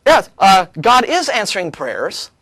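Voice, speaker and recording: A sarcastic man co-hosting a talk show, talking over an email with a voice that swings up and down a lot. His voice sits a little high and sounds close and dry, with no room behind it. He keeps stopping and restarting his sentences. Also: unhurried, no room sound. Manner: sarcastic, animated, restarts often. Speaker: co-host. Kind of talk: casual chat, reading and rebutting an email.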